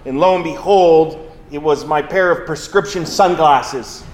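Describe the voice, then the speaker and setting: A man's voice: on the high side, unhurried, a little hiss or hum. Man preaching a sermon in an echoey church. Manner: conversational, self-mocking storytelling. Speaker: pastor.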